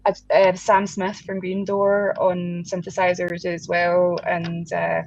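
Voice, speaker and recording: A woman's voice: lowish voice, monotone, takes it slowly, darkish tone. A woman guest musician in a casual interview, chatting with frequent laughs, fillers and restarts. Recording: dull lo-fi sound with faint background noise.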